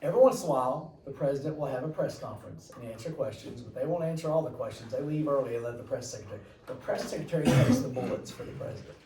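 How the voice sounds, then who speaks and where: A man's voice: mid-range voice, animated, fast, hardly any pauses, mellow, echoey room, recorded from a distance, slight background noise, low-quality recording. A man teaching a class, chatty and rambling, with jokey asides to his students. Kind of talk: classroom lecture.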